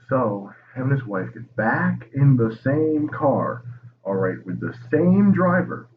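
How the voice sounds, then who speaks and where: Young male podcast host, very low voice, swears constantly, lo-fi phone-quality audio with background noise. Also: sing-song, moderate pace. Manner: profane, rambling, jokey. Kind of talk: casual history storytelling. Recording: tinny phone-like line with noise.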